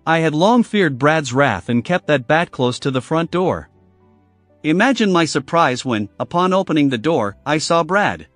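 Lively man narrating a story. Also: fairly high pitch, normal speed, no room sound, soft background music. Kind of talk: scripted first-person story narration.

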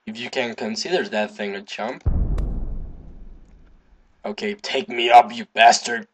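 A man giving casual gameplay commentary, excitable, swearing, humming to himself and breaking into sudden high yelps. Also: measured pace, long pauses, husky. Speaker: gaming video host.

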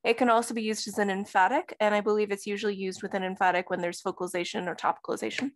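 A woman's voice: medium pitch, fairly even intonation, very fast, no echo. A woman giving an academic talk on phonology, explaining examples step by step with frequent fillers. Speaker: linguistics presenter.

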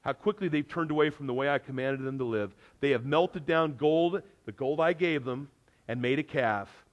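A middle-aged male pastor delivering a sermon with a slightly raised pitch. He talks to the congregation in an earnest, conversational way. His voice drops to hushed asides and rises to emphatic peaks. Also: moderate pace, lo-fi sound. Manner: earnest, conversational preaching with wide swings in loudness. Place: church sanctuary.

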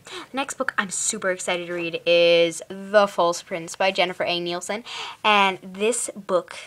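A woman's voice: on the low side, unhurried, fairly bright tone, a little hiss or hum. A teenage girl vlogging about the books she plans to read, chatty and rambling, in a put-on British accent. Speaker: book vlogger. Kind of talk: casual book chat to camera.

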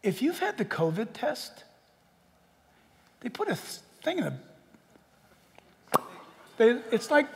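A man preaching a sermon as pastor in a large church, animated and joking, acting out people in quotes. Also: extremely high pitch, takes it slowly, gravelly, long pauses, long reverb tail, slight background noise.

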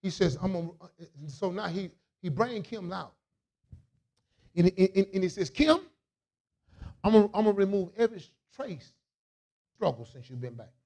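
A man preaching a sermon as a bishop, in a call-and-response style that swings from quiet asides to shouts. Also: high-pitched, animated, normal speed, long pauses.

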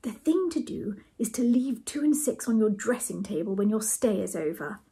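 A woman voicing a fussy, bashful older gentleman in a storybook reading, polite and hesitant, sometimes whispering. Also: fairly high pitch, very animated, normal speed, husky, exaggerated voice. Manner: hesitant, polite, drops to a whisper when nervous.

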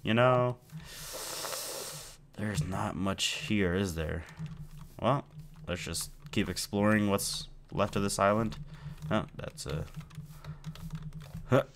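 Man, slow unhurried talk, playful game commentary, chats to pet, faint keyboard clicks. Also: on the low side, noisy background. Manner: playful, talks to his in-game pet, rambling. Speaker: gameplay video host. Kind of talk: casual let's-play commentary.

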